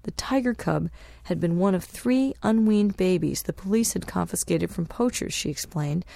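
A woman narrating a travel memoir as an audiobook, in a measured, unhurried reading. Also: on the low side, gravelly, mellow, no echo.

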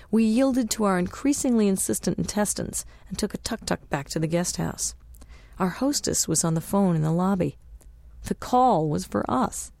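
A woman narrating a travel memoir as an audiobook, in a measured, unhurried reading. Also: medium pitch, gravelly, a little mellow, no echo.

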